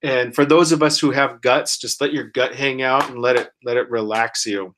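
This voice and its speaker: A man teaching pronunciation one-on-one, encouraging and full of praise, modeling each word very slowly while sick and clearing his throat. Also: mid-range voice, steady tone, fairly bright tone. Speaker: language teacher.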